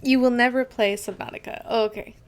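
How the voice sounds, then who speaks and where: A young woman streaming a game, chatting casually with viewers, giggling often and filling pauses with "like" and "um". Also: fairly high pitch, fairly even intonation. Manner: chatty, giggly, with many fillers. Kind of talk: casual gameplay chat with chat reading.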